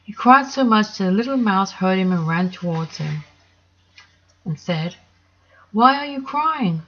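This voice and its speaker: A woman reading a children's story aloud in a gentle, measured way. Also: on the low side, animated, highs cut off.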